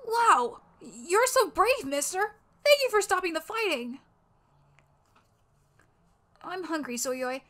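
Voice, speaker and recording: A woman voicing a young amnesiac boy who is timid and sweet, talking hesitantly with soft ums, in a voice acting audition. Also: extremely high pitch, very animated, takes it slowly, long pauses, pitched above the performer's own voice, exaggerated voice. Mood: eager.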